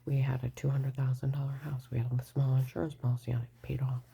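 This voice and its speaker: Older woman, low dark whisper, rambling personal account. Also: flat delivery, fast, vocal fry, slightly rough. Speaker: vlogger telling her story.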